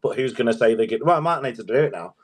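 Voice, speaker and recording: A man's voice: mid-range voice, lively intonation, very fast, breathy edge. A middle-aged man, a guest comedian, chatting casually in an interview, telling stories, laughing often and swearing freely.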